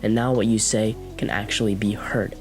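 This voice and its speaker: A man's voice: on the low side, steady tone, moderate pace, soft background music. A young man hosting a self-improvement video, giving direct spoken advice on how to talk to people. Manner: direct, coaching tone with demonstrations of speech. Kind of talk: instructional talk to camera.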